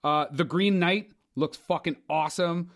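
A man co-hosting a casual podcast chat, animated and excitable, swearing freely as he talks. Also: a little high, unhurried. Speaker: podcast co-host.

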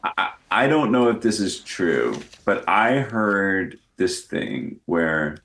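A man's voice: low voice, very animated, slow pace, a bit bright, reverberant. A man talking as a guest in a casual interview, rambling and self-deprecating, with many restarts. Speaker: guest actor.

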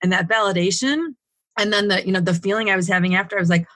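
A woman's voice: mid-range voice, fast talker, a bit bright, no echo. Woman telling her story, rambling. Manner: rambling, with frequent restarts and fillers. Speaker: guest. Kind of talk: casual interview storytelling. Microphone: home setup, dry sound.

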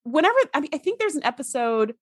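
A woman's voice: high voice, sing-song, fast talker, dry recording, studio quality. A woman co-hosting a casual chat about a TV episode, laughing often and mimicking characters in mocking asides. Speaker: podcast co-host.

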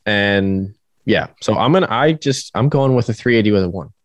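A drag racing driver, a man, telling a story in a casual interview. He is animated and swears freely. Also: on the low side, moderate pace, dry recording. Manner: animated storyteller, acts out quoted voices, swears, laughs.

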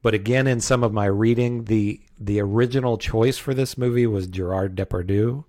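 A man with a fairly low voice chats through a movie review, circling his points and restarting sentences as he goes. He sounds relaxed and conversational, like a podcast co-host thinking aloud. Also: normal speed. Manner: rambling, many restarts and hedges. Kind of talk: casual film review chat.

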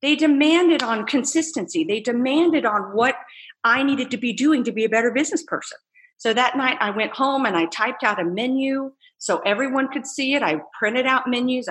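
A woman entrepreneur telling her story in a casual interview, animated and laughing as she acts out quoted voices. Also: a little high. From United States. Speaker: entrepreneur guest.

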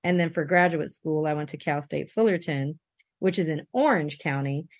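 A woman from Belize, the interview guest, telling her story in an animated, expressive way. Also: sits low, moderate pace, no echo, clean studio sound. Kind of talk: casual interview conversation.

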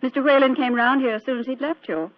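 An actress plays a gracious, self-assured society lady in a 1940s radio play, with light irony in her voice. She speaks in a high register. The sound is dull and lo-fi, like an old broadcast. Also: fast talker, close to an everyday voice.

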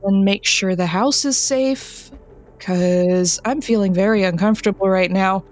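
A man's voice: high voice, measured pace. A woman voicing an awkward, nervous young male vampire who stammers and trips over his words. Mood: timid. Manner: stammering, nervous, eager to help.

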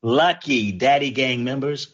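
A man's voice: mid-range voice, a little slow, lo-fi sound. A man co-hosting a casual podcast, chiming in with laid-back encouragement. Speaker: podcast co-host.

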